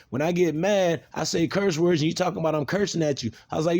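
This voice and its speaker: A man's voice: a little high, fast, few pauses, a little mellow. A man from the South, talking bluntly and profanely in an unscripted video monologue. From American South. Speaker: video maker.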